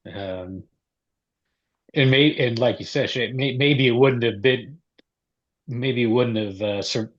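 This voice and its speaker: A man's voice: mid-range voice, dull audio. A man in a casual podcast chat, answering hesitantly with several restarts. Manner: hesitant, measured, many restarts.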